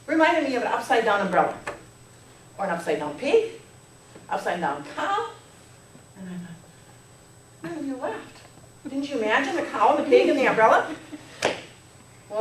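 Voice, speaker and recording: Middle-aged woman doing a funny contest speech, kinda high voice, heard from far off in an echoey hall. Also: expressive, moderate pace, long pauses, a little hiss or hum. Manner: playful, leads audience in laughing and jokes. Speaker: contest speaker. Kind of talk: humorous speech to an audience. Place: meeting hall with audience.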